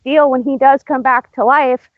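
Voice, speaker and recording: A woman's voice: high-pitched, level tone, moderate pace, dry recording. A woman co-hosting a casual podcast, playful and teasing, acting out the lines she quotes. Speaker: podcast co-host. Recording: dull lo-fi online call.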